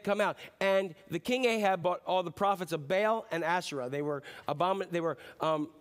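High-voiced man telling a sermon story. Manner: animated storytelling, slipping into playful character voices. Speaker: pastor.

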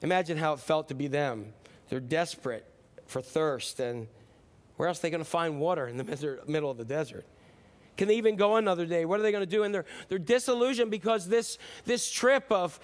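A male pastor preaching a sermon in a loose, conversational way, full of fillers and animated asides. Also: on the high side, a little fast.

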